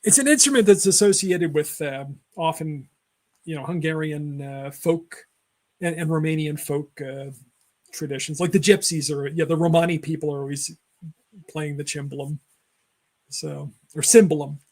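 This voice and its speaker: A man's voice: on the high side, normal speed. A man co-hosting a casual film chat show, rambling through trivia with many fillers and self-corrections. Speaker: podcast co-host.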